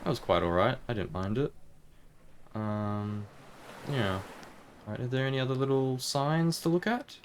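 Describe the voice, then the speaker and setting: A man's voice: medium pitch, normal speed, long pauses, slight background noise. Chatty male gamer thinking aloud. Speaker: gaming video host. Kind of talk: casual game commentary.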